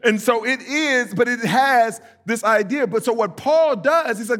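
Man preaching, light high voice, chatty and emphatic, plays out little voices. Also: moderate pace, hardly any pauses. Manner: conversational, animated, rising to emphatic peaks on scripture; acts out quoted voices for comic effect. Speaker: pastor. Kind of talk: sermon.

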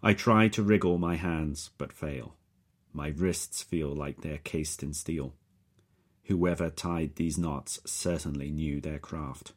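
A man narrating a first-person thriller audiobook in a measured, steady storytelling manner. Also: very deep voice.

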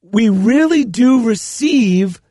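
A man co-hosting a spiritual radio talk show, telling stories in an animated, upbeat and earnest way. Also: very high voice, takes it slowly, dry recording, studio quality. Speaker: radio co-host. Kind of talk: casual spiritual radio chat. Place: radio studio.

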